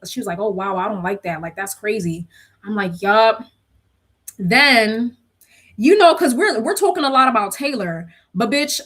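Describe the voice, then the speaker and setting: A young woman telling her viewers a workplace story in a casual, gossipy way, acting out what everyone said. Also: mid-range voice. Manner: gossipy, animated retelling with quoted dialogue and bursts of laughter.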